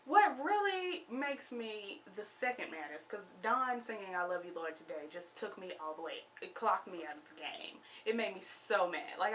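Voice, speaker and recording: A woman vlogger reviewing a TV show in a casual, exasperated rant with sudden loud outbursts. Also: mid-range voice. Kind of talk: casual ranting commentary.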